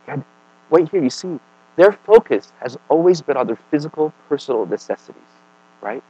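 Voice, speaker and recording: A man preaching a sermon in a casual, conversational way, often checking in with "right?" and "okay?", swinging between emphatic and quiet. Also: fairly high pitch, animated, normal speed, dry recording, rough recording.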